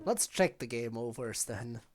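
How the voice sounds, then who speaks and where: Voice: medium pitch, animated, unhurried, a little mellow. A streamer talking casually during a live game stream, chatty and dropping short reactions. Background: game music.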